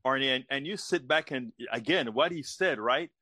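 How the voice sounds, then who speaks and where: A man's voice: mid-range voice, moderate pace, pushed and bright, no echo. A man hosting a political talk show, speaking energetically and repeating words as he starts his sentences.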